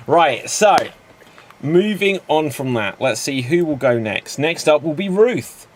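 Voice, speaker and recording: A man's voice: fairly high pitch, lively intonation, moderate pace, slight background noise. A man hosting an improv comedy show, setting up games and calling time.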